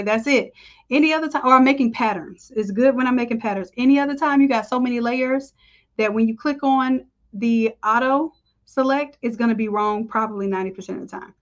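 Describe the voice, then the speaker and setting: A woman with a fairly high voice leads a live design tutorial, chatting upbeat with her viewers as she works. The stream audio sounds a little dull and lo-fi. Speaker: design instructor. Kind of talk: live screen-share tutorial.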